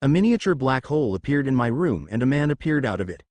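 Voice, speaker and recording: Expressive man reading fan fiction. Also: mid-range voice, fast, no room sound. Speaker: narrator.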